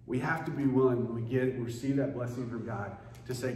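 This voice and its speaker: A man's voice: medium pitch, fairly quick. A man preaching a sermon as pastor, in an earnest, conversational way. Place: church sanctuary. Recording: echoey church room with faint noise.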